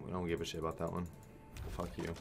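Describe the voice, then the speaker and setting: A man's voice: deep voice, completely flat delivery, fast talker, vocal fry, over music. A man streaming online slots, giving casual, profane play-by-play and thinking aloud in a frustrated way.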